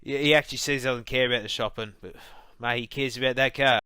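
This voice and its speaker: Crisp, bright Australian man, dry sound. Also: mid-range voice, steady tone, fast talker, no room sound. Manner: rambling, stumbling. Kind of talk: comic monologue.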